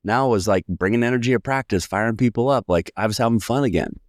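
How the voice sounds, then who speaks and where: On a podcast, an American sales coach in his forties, with a voice on the low side and a quick pace, tells a lively personal story and acts out the voices of the people he quotes. It's a dry recording of studio quality.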